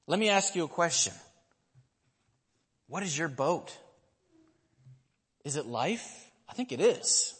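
A man's voice: high-pitched, long reverb tail. A man in his thirties, a pastor preaching a sermon, telling a story and asking the listeners questions.

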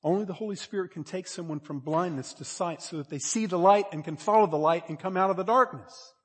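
Husky-voiced guy preaching, chatty then loud and emphatic, long hall reverb. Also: high voice, brisk, few pauses. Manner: conversational, builds to loud emphatic peaks, repeats words. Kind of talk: sermon.

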